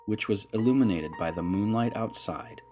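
A man narrating an audiobook chapter in slow, dramatic storytelling. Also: lowish voice, faint music behind. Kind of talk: scripted narration.

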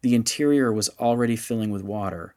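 A man narrating a story in a measured, steady audiobook style. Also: mid-range voice.

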